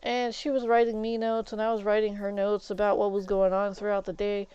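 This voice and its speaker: Speaking briskly in a clean, medium-pitched voice, a young woman streams gameplay while casually rambling about something from her school years. She animates the tale by performing the quoted exchanges, over dull lo-fi stream audio.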